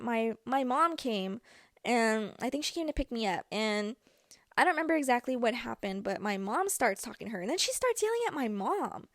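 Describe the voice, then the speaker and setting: The speaker is a young woman podcaster whose voice is on the high side, recorded cleanly in a studio without room sound. She tells a story from her own life in an animated, chatty manner thick with fillers.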